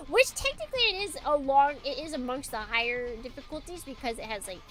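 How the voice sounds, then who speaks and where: A woman's voice: sits high, fairly quick, few pauses, faint music behind. A woman streamer giving casual let's play commentary in a joking, giggly way. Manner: giggly, joking, animated asides.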